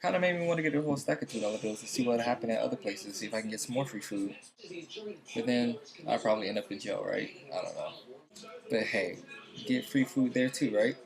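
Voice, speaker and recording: A man's voice: medium pitch, fast, creaky, crowd noise, poor audio. A man casually telling a funny anecdote, amused and chuckling between lines. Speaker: storyteller.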